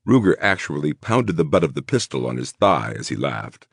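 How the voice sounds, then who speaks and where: Very deep gravelly male narrator. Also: sing-song, no echo, clean studio sound. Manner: measured, gravelly storytelling. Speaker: audiobook narrator. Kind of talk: scripted narration.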